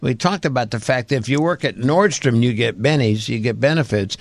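A man's voice: medium pitch, brisk, gravelly. A man hosting a talk show, introducing a guest and asking easygoing questions. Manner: easygoing, asks chatty questions.

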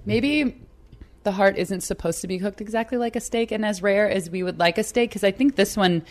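A woman's voice: medium pitch, a little fast, a little hiss or hum. A woman chatting playfully and teasing while cooking at home. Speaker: home cook. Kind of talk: casual cooking chat. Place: home kitchen, indoors.

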